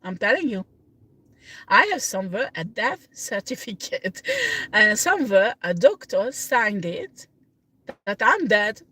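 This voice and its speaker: A woman tarot reader chatting casually on a livestream, rambling in halting second-language phrasing and often breaking into laughter. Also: medium pitch, sing-song, pushed and bright, slightly rough.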